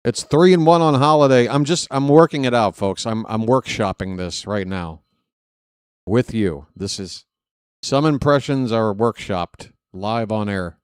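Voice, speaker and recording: A man's voice: on the low side, unhurried, clear, resonant tone, no echo, clean studio sound. A man calling a live baseball game as a streaming host, in a rambling, jokey, self-deprecating way. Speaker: play-by-play streamer. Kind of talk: live play-by-play commentary.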